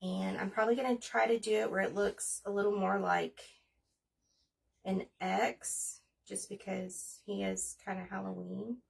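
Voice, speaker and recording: A woman's voice: mid-range voice, flat delivery, a little slow, gravelly, slightly rough, recorded from a distance. A woman in her forties chatting casually and rambling as she hosts a crafting livestream. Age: 40s. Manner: chatty, rambling, talks while working.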